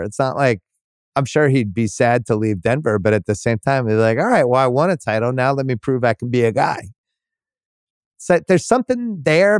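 A man's voice: medium pitch, dry recording, clean studio sound. A man hosting a sports podcast, thinking aloud in casual chat with restarts and the odd swear. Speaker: podcast host.

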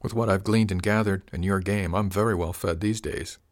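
A man voicing a gentle older village woman who works as an herb healer, speaking kindly and a little self-mockingly. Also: low voice, fairly even intonation, fairly quick, no echo, clean studio sound, lightly acted.

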